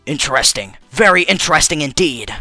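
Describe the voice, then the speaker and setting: A man voicing a calm, clinical robot assistant who speaks in a measured, deadpan way for a fan dub of a game. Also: a little high, no room sound, soft background music, voice pushed down, heavily acted. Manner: measured, deadpan, matter-of-fact. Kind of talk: fan dub of a game's text.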